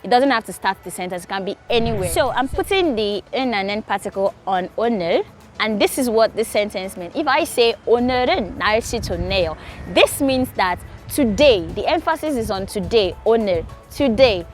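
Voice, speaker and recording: Young woman tutor, mid-pitched voice, patient and repetitive, with faint music behind. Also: lively intonation. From Nigeria. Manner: patient, repeats key points slowly. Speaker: Korean language teacher. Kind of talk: casual explanatory lesson.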